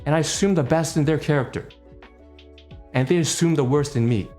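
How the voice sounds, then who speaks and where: A man's voice: on the high side, brisk, darkish tone, faint music behind. A man venting in a heated, profane, emphatic monologue as a channel host.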